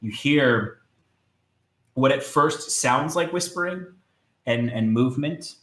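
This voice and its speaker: A man narrating as game master of a tabletop game, describing scenes hesitantly with many filler pauses. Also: mid-range voice, fairly bright tone, echoey room.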